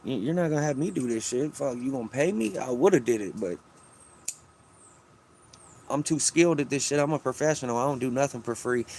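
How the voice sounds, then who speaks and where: A man's voice: medium pitch, expressive, brisk, darkish tone, slight background noise. A man chatting casually on a phone stream from home, rambling and swearing his way through a story. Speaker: vlogger. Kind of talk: casual livestream chat.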